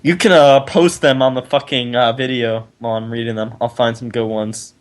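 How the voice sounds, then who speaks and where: A man's voice: medium pitch, fairly even intonation, normal speed. A man co-hosting a casual podcast, swearing freely and reading friends' posts aloud in mocking voices. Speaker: podcast co-host.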